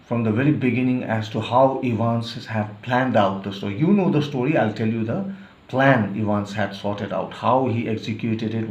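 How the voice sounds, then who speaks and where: A man's voice: medium pitch, darkish tone. Male Indian English teacher explaining. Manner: explanatory, checks in with "all right?". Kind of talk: explaining a story chapter to students. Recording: roomy, dull lo-fi sound.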